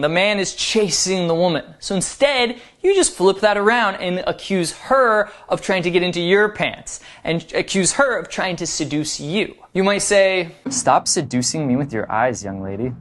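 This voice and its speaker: A man's voice: sits high, a bit bright. A man giving dating advice as a coach, explaining in a playful, upbeat way. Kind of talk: instructional talk to camera.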